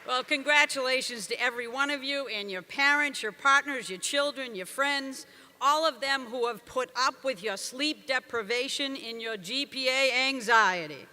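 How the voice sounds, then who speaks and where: A woman gives a commencement speech in a very high, piercingly bright voice. She jokes and punches her lines to rouse the crowd, and long reverb from the big venue trails behind every phrase. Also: normal speed. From Boston area, USA. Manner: jokey, emphatic, rousing the crowd. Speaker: commencement speaker.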